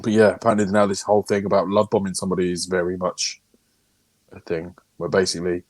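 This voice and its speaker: Lively, swearing British man co-host. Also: sits low, quick pace, no echo. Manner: animated, swearing, jokey. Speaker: podcast co-host. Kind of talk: casual banter.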